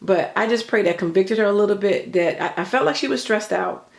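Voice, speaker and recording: A woman's voice: medium pitch, a little fast, vocal fry, roomy sound. An older woman telling a story in an earnest, chatty way, full of faith talk. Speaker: vlogger. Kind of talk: casual storytelling.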